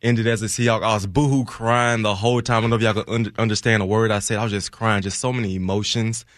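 A man's voice: lowish voice, flat delivery, dry recording. A man in his thirties, a former football player, chatting casually as a radio studio guest and laughing often. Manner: laid-back, laughs often, drawn-out repetitions.

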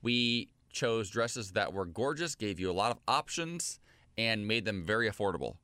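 A man in his thirties co-hosting a morning radio show, telling a story with animated enthusiasm. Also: on the low side, moderate pace, dry recording. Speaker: co-host. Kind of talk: casual radio show chat.

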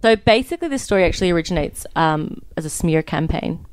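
A woman's voice: fairly low pitch, expressive, quick pace, clean tone, no room sound. A young woman in her twenties co-hosting a casual podcast, telling a story in a chatty way with lots of fillers. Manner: chatty, many fillers, laughs easily. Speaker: podcast co-host.

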